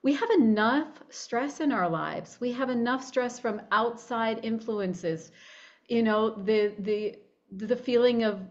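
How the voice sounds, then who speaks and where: A woman's voice: on the high side, slow pace, highs cut off. A woman coach talking animatedly in an interview, acting out her own inner voice and often restarting sentences. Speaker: guest, body-image coach. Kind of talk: conversational interview.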